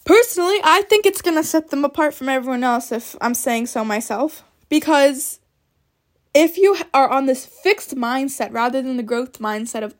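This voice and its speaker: Young female podcast host, higher-pitched, insistent and opinionated, stresses points by repeating them. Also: animated, moderate pace.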